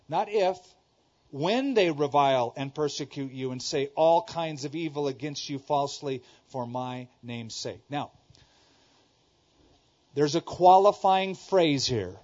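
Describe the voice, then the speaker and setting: A middle-aged male pastor from Southern California preaches emphatically, repeating key lines and swinging between loud exclamations and quiet asides. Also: a little high, unhurried. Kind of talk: sermon. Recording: dull lo-fi sermon recording.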